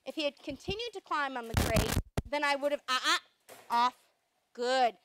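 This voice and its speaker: A woman dog trainer explaining commands step by step, breaking off to give sharp corrective noises and praise. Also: high voice, animated, fairly quick, noisy background. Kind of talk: instructional demonstration.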